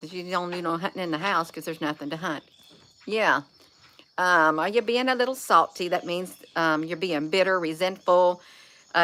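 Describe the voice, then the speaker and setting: Bright-voiced woman rambling casually. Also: on the low side. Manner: folksy, chatty, drifts between topics. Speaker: vlogger.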